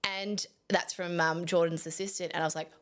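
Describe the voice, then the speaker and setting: A young adult woman, a photographer, casually telling a story to camera in a chatty, animated way, laughing at herself now and then. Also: lowish voice, a little fast.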